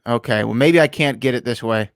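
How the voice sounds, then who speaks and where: A man with a mid-range voice hosts a sports talk show. He talks in an animated way and laughs often, and his voice is recorded dry and close. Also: medium pitch, a little fast, clean tone, no echo. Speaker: radio host, ring announcer. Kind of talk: casual radio chat.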